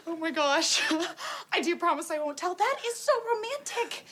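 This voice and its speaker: A woman voicing a young cartoon best friend who is brisk, bossy and teasing. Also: very high-pitched, big pitch swings, pushed and bright, some chatter behind, a little hiss or hum, full character voice. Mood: urgent. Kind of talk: cartoon voice acting.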